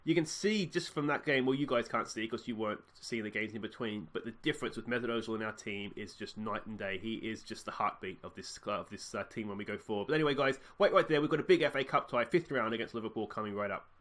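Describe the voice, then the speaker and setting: With a lowish voice, he rattles along fast with hardly any pauses. He's a let's play host casually covering his football management game, chatty and musing, and reacting to the action in excited bursts.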